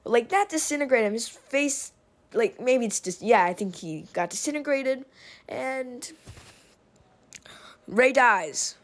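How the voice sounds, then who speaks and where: Woman, casual film rant; sarcastic, rambling, exasperated; unhurried delivery. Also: fairly high pitch, expressive. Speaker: video essayist.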